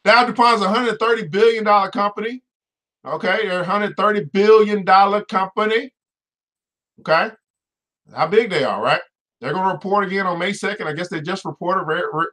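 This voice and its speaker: A man hosting a finance show in an energetic, preachy way, full of exclamatory asides. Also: high voice. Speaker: host. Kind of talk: casual finance show talk.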